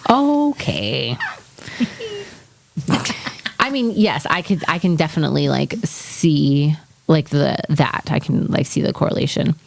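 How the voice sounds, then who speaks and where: A woman's voice: low-pitched, lively intonation, measured pace, gravelly, pauses often, slight background noise. A young woman co-hosting a podcast, chatting casually and acting out quotes as she tells a story, swearing freely. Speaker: podcast co-host. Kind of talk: casual chat.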